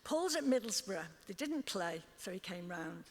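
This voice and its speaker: A woman's voice: mid-range voice, very animated, normal speed. An older woman with a Liverpool accent, telling stories as an interview guest on stage and often laughing as she acts out what others said. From Liverpool, England. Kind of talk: storytelling on stage. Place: club stage before an audience. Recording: long hall reverb.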